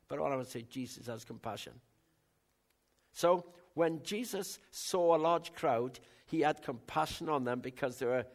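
An older man preaching a sermon in a conversational way, bantering with the congregation, with big swings in loudness. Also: mid-range voice. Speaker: pastor.

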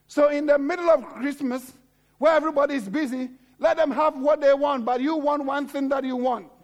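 A male pastor delivers a sermon with a strikingly high voice for a man. He exhorts the congregation fervently, circling back to repeated phrases. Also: fairly even intonation, brisk.

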